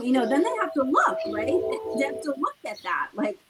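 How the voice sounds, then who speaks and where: A woman's voice: high voice, huge pitch swings, a little fast, over loud music, rough recording. Earnest woman host talking kindness. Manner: earnest, talks things through with repeated "right?". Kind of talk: casual motivational talk.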